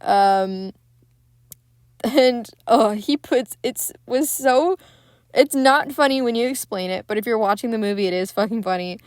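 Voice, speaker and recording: A woman's voice: on the high side, measured pace, no room sound. Casual woman recapping a film, dry sound. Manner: chatty, profane, animated retelling. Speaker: podcast host.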